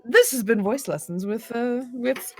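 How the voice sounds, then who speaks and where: A woman's voice: a little high, measured pace, husky, soft background music. A woman co-hosting a casual chat as a game master, candid and self-mocking about her own voices.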